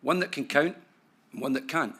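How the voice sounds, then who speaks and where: A man's voice: fairly high pitch, normal speed, fairly bright tone, a little hiss or hum. A Scottish man from Scotland, an economist speaking to a conference audience in a chatty, joking way with many tag questions. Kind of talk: conference talk to a live audience. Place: conference hall.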